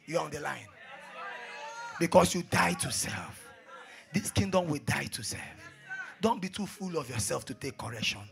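A man preaching a sermon, repeating phrases and swinging between hushed asides and shouted exhortations. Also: a little high, lively intonation, moderate pace, gravelly, pauses often, faint music behind.

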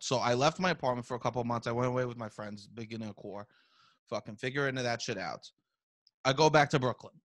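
A man, hosting a podcast in casual chat, loud and profane, telling animated stories. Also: medium pitch. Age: 30s. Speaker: podcast host.

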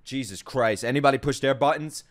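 A young man reacting to an anime episode, excitable and profane, shouting and laughing at the screen. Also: medium pitch, a little fast. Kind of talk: casual reaction commentary. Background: anime audio under the voice.

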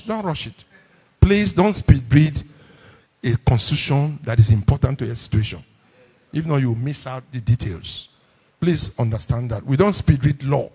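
Speaking at a moderate pace, a Nigerian-accented pastor preaches in a church hall with a medium-pitched, expressive voice that's a little mellow and husky. He uses call-and-response, getting the congregation to repeat lines and repeating them himself for emphasis.

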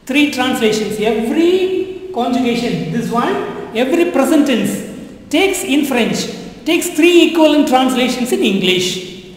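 High, lively woman teaching slowly in an echoey room. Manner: repetitive, coaxing learners to translate. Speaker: French teacher. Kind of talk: classroom-style language lesson. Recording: echoey room with long reverb.

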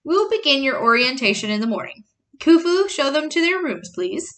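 A woman reading aloud the lines of an older male magician mentor, measured and gently insistent, in a slightly lower voice than her own. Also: very animated. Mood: firm.

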